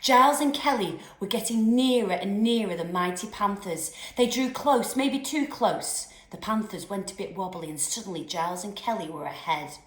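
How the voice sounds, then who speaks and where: A woman teacher reading a children's novel aloud with expressive storytelling. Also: mid-range voice, normal speed, hardly any pauses. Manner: expressive storytelling with lively voices. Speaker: primary school teacher. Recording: roomy echoey room.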